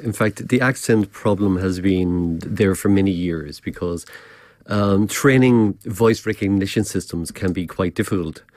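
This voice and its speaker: Irish man, radio guest, low voice, dry sound, explanatory, restarts. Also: unhurried, a little mellow, dry recording. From Galway, Ireland. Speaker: cybersecurity professor, guest. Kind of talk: radio interview.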